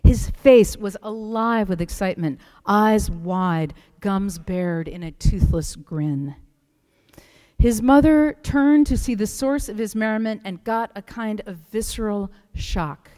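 A woman preacher reads a story aloud within her sermon, in a soft, hushed delivery that often sinks to a whisper. She speaks slowly, and her voice has a mellow, dark warmth. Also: mid-range voice, lively intonation, big-room sound.

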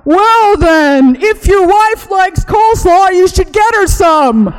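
A woman voicing an old male deli clerk who is caught off guard, in a high, bright voice. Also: lively intonation, takes it slowly, heavily acted, poor audio. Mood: bemused.

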